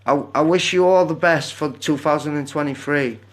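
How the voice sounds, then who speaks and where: A man's voice: on the high side, normal speed. A man chatting casually on a phone live stream, rambling and drifting off onto tangents. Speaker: livestreamer.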